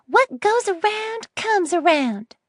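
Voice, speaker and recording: A woman reading an audiobook, voicing a sugary-sweet but spiteful old woman in a high, honeyed voice that turns harsh. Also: animated, a little slow, no room sound, clean studio sound. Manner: syrupy sweet turning harsh and hissing.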